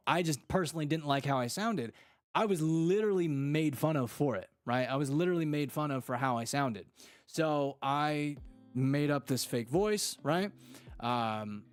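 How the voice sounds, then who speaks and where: A young man hosting his own podcast, chatting casually in a rambling, slangy way that repeats itself. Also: mid-range voice. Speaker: podcast host. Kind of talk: casual chat.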